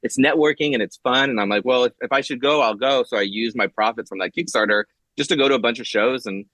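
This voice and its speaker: A man's voice: mid-range voice, fast talker, dry recording. A man being interviewed as a guest comic writer, telling stories casually with lots of fillers and acted-out quotes. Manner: animated, acts out quotes, many fillers and restarts.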